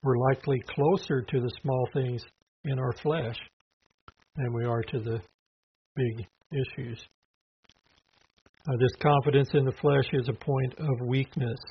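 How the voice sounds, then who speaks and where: A man's voice: mid-range voice, steady tone, unhurried, pauses often, slightly rough. A man teaching through a Bible passage verse by verse, talking conversationally with asides and fillers. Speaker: preacher. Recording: dull lo-fi recording.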